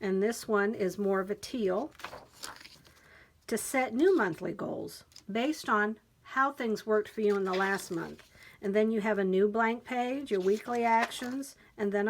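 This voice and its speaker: A woman's voice: medium pitch, a little slow, slight background noise. Enthusiastic woman flipping through a planner. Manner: enthusiastic, chatty, reads quotes aloud. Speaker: planner vlogger. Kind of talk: planner flip-through walkthrough.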